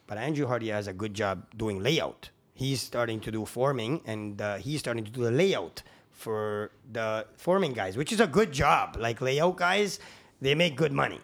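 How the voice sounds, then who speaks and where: A man who is a guest on a podcast, telling casual stories in quick run-on sentences that are animated, slangy and full of swearing. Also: mid-range voice. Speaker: podcast guest, construction crew founder. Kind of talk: casual storytelling.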